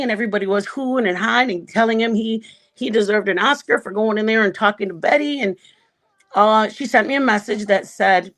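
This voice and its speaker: A woman's voice: medium pitch, fairly bright tone. A woman on a livestream panel casually recounting a chat-room dispute, rambling and often correcting herself. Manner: rambling, self-correcting retelling.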